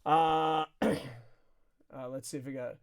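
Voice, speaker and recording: A man's voice: medium pitch, takes it slowly, gravelly, dry recording, clean studio sound. A man hosting a wrestling talk stream, ranting sarcastically and with lots of swearing. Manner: profane, sarcastic, animated. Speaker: wrestling show host. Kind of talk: casual rant to camera.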